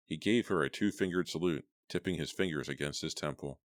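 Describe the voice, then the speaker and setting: A man narrating a horror novel as an audiobook, steady and deliberate. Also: extremely low pitch, no room sound, studio quality.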